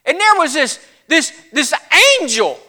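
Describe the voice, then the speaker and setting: A man voicing an excited rough shepherd with a Southern accent, stammering and insistent, his voice cracking. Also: extremely high pitch, measured pace, heavily acted. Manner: stammering, insistent, shouting at times. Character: excited rough male shepherd, breathless with news.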